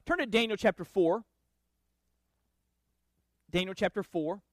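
A man with a notably high voice preaches a sermon, building his points through emphatic, repeated refrains. The sound is dry and close, with no room around it. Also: unhurried, no echo. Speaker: pastor.

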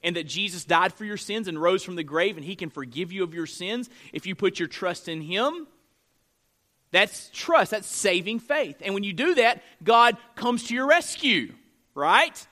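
A man's voice: high-pitched, expressive, normal speed, sharp tone. A male pastor preaching a sermon to a live congregation. He speaks emphatically and conversationally, often checking in with "right?". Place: church room with a live congregation.

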